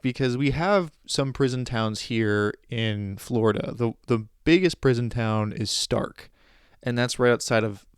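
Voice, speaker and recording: A man's voice: medium pitch, clear, resonant tone, no room sound, clean studio sound. A male podcast host, sardonic and profane, questioning his guest. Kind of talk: casual interview talk.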